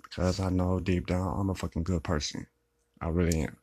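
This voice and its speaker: A man's voice: deep voice, little pitch movement, brisk, warm tone. A young man venting in a rambling, profane monologue, upset and close to tears, repeating himself often. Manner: rambling, profane, repeats "you know what I'm saying".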